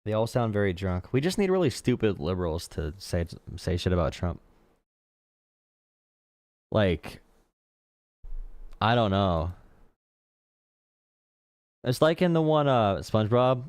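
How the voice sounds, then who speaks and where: A man talks casually to his live-stream audience, blunt and mocking, often repeating his points. His voice is low and smooth, and the recording is dry, with no room sound. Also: big pitch swings, slow pace, pauses often, darkish tone, no room sound. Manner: blunt, sarcastic, repeats himself. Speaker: streamer host.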